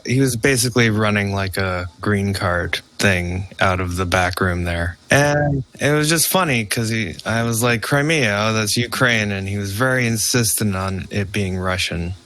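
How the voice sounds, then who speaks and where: A man's voice: fairly low pitch, moderate pace, hardly any pauses, fairly bright tone. A man co-hosting a podcast in casual chat, telling winding stories with laughs. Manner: rambling, laughing storyteller. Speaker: podcast co-host.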